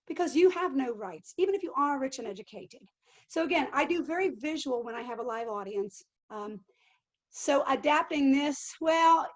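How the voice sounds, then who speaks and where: A middle-aged woman, a living history actress, answering interview questions in an animated way and acting out quotes. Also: high voice. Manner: animated, acts out quotes and accents.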